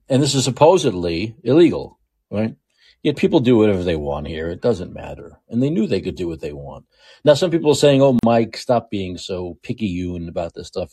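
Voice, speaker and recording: A show host with a New York accent gives a political commentary monologue, emphatically restating his points again and again. His fairly low voice is husky, warm and dark, with wide pitch swings as he presses each argument.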